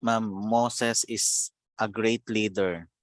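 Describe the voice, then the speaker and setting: A man answering his teacher in a slow, careful way in an online class. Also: lowish voice, fairly even intonation, no echo. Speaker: student. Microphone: video call.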